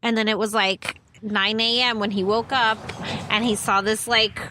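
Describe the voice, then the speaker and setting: A woman's voice: fairly high pitch, flat delivery, moderate pace, noisy background. A woman co-hosting a casual podcast, talking bluntly and swearing freely. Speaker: podcast co-host. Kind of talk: casual chat. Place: outdoors.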